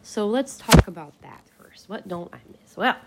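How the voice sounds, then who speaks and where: A woman's voice: mid-range voice, animated, moderate pace, very noisy. A woman hosting a casual solo podcast, ranting bluntly and with exasperation, swearing casually. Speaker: podcast host.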